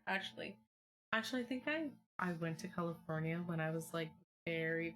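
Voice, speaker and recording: Young woman streamer, slightly low voice, rambling casual chat full of fillers, excitable bursts, home desk mic. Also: a little fast.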